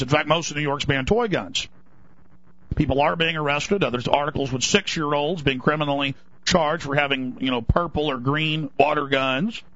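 A man's voice: a little high, a bit bright, no room sound. A male radio talk show host delivering a heated, indignant monologue. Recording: dull lo-fi broadcast audio.

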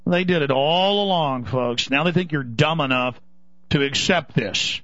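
A man's voice: a little high, moderate pace, fairly bright tone, dry recording. A man hosting a talk radio show, delivering an urgent, indignant monologue and slipping into mocking voices. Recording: dull lo-fi radio broadcast.

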